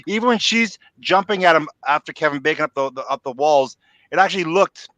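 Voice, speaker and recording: A man chatting as a podcast host, rattling along at a brisk clip with a sharp, forceful tone. He talks in excited bursts and keeps restarting his thoughts. His voice sits a bit high and sounds close and dry. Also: no echo. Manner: rapid, animated, restarts sentences. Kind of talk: casual fan discussion.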